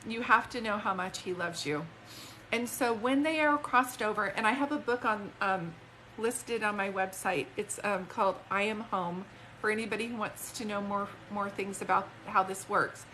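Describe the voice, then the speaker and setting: A woman's voice: medium pitch, fairly even intonation, moderate pace, sharp tone, a little hiss or hum. A woman working as a psychic medium on a live stream. She rambles with emotion, breaks off mid-sentence, and speaks both to an unseen spirit and to a viewer, into a phone.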